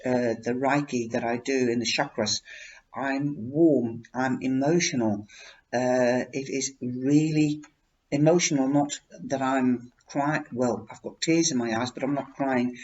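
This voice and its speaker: A man reviewing a tarot deck in a heartfelt, casual way, talking emotionally and haltingly with many restarts. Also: medium pitch. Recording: dull lo-fi recording.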